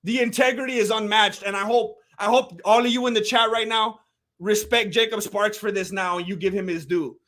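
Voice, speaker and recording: Man, from California, high voice, bright tone, rambling livestream chat, lots of fillers. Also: fairly even intonation, a little fast. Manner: rambling, chatty, heavy on "like" and "you know". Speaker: livestream fight commentator. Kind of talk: casual livestream chat reading comments.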